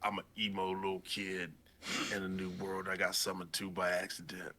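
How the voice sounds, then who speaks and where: A man's voice: sits low, monotone, normal speed, bright, forceful tone, slight background noise. A man doing a sulky, brooding young hero. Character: brooding, vengeful young male summoned hero.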